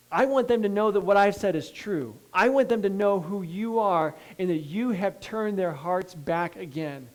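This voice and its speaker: A male pastor preaching a sermon, reading scripture and breaking in with asides, moving between hushed pleading and loud emphasis. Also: high voice, low-quality recording. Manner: reads scripture then breaks in with asides and checks like "okay?".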